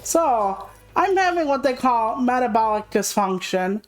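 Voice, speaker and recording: In this rough recording, a young adult woman talks freely while streaming a game, wandering between topics and cursing without restraint. She speaks unhurriedly in a high-leaning, expressive voice, with game music faintly audible.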